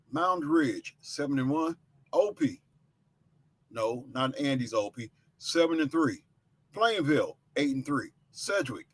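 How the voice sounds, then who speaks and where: Male host, husky voice, brisk list-reading of sports rankings with a few casual asides, mid pitch. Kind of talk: reading out high school football rankings.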